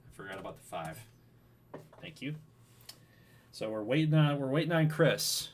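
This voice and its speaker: A man's voice: mid-range voice, expressive, moderate pace, slight background noise. A man casually hosting a baseball video game franchise livestream, chatting with viewers by name. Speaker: host of a franchise stream.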